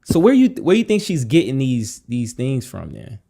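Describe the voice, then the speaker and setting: A man's voice: medium pitch, huge pitch swings, normal speed, gravelly, warm tone. A man interviewing, direct and probing in his questions.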